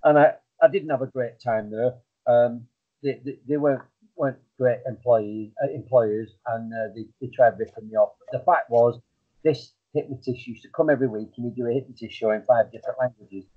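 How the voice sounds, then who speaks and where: A man's voice: medium pitch, fairly even intonation, a little fast, breathy edge. A middle-aged man, a hypnotist guest, telling stories in a rambling, self-deprecating way with many fillers. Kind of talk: casual storytelling interview. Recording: tinny phone-like line.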